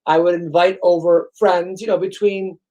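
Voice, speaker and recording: Male host, rambling profane comic, self-deprecating, slightly higher voice. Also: little pitch movement, normal speed, dark tone, lo-fi sound. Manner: profane, sarcastic, self-mocking. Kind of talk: rambling comedic monologue.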